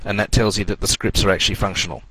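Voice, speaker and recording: A man teaching an online networking class in a relaxed, rambling way with many fillers. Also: lowish voice, racing, background noise. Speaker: networking course instructor.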